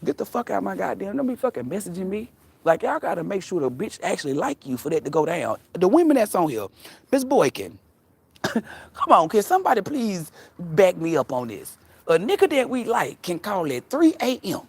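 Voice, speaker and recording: A woman's voice: lowish voice, very animated, moderate pace, darkish tone, slightly rough, no echo. Woman on a live stream, blunt and cussing a lot, laughs a bunch, voice swings all over. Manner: blunt, profane, laughing storyteller. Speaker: livestream host. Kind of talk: casual livestream chat.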